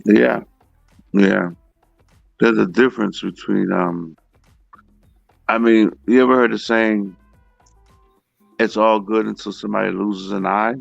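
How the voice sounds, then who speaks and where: Slow, gravelly-voiced man in easy chat. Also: on the low side, fairly even intonation, no room sound, lo-fi sound, faint music behind. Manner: slow, laid-back, short agreeing replies. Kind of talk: casual conversation.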